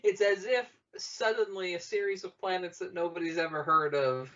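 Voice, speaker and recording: A man's voice: sits high, steady tone, moderate pace, lo-fi sound, very noisy. A man co-hosting a casual comedy podcast, making sarcastic, mock-exasperated remarks laced with swearing. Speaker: podcast co-host.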